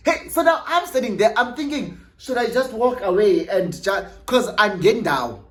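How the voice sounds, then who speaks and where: A young South African man with a South African accent, telling a story casually in an animated way and slipping in isiXhosa phrases. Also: sits high, normal speed, echoey room. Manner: animated, laughing, mixes isiXhosa phrases into his talk. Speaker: vlogger.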